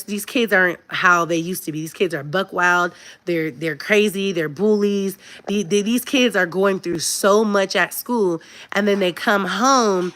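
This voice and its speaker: Speaking straight to camera, a woman offers her viewers parenting advice in a chatty, emphatic, casual manner. Her voice is medium-pitched with a fairly bright tone.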